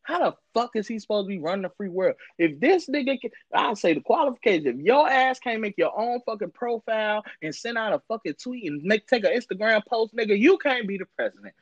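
A man hosting a podcast, telling a story in loose, profane chat. His pitch swings widely as he acts out the people he quotes. The sound is dry, a little dull and lo-fi. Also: lively intonation, fast, few pauses, no room sound. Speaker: podcast host.

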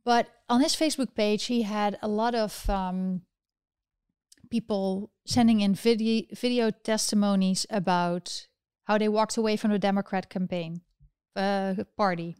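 A woman's voice: medium pitch, fairly even intonation, a little slow, a little mellow, smooth, dry recording. A woman hosting a political commentary livestream. She talks with passion, keeps firing rhetorical questions and reads out comments from viewers. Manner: impassioned, fires rhetorical questions. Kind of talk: livestream commentary reading chat.

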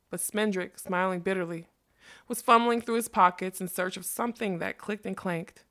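A woman narrating a fantasy novel as an audiobook, measured and expressive. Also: medium pitch.

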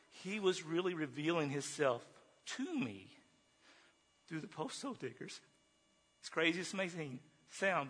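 A man giving an earnest personal testimony to a group, telling his story haltingly with restarts. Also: a little high, pushed and bright. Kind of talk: personal testimony talk with slides. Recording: long reverb of a hall.

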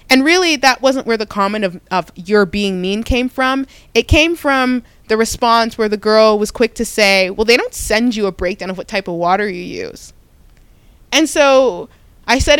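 A young woman hosting a podcast, telling a personal story in a casual, animated way with frequent restarts and self-corrections. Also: on the high side, normal speed, clear, resonant tone, no echo. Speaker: podcast host.

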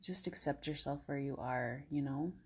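A woman hosting a casual self-help podcast, talking in a gentle, encouraging way with many fillers and slipping at times into soothing guided relaxation. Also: a bass voice, normal speed, breathy edge. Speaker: podcast host.

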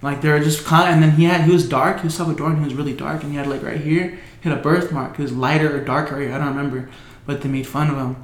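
Young man, slightly high voice, casual storyteller with lots of slang and fillers, echoey room. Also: fairly even intonation, fast. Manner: loose storytelling, heavy slang and swearing, many fillers. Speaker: guest telling a story. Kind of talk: casual chat.

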